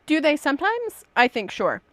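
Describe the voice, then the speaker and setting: A young woman co-hosting a casual book chat, relaxed with dry asides. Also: high voice, normal speed, no echo. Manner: relaxed, dry asides, many short agreements. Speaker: podcast co-host.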